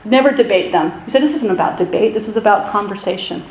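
A woman pastor giving a sermon in a conversational, self-deprecating way with animated asides. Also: medium pitch, fast, echoey room, low-quality recording.

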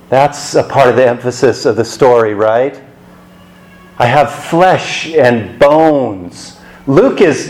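A man's voice: medium pitch, darkish tone, rough recording. A man preaching a sermon in a conversational way, asking rhetorical questions.

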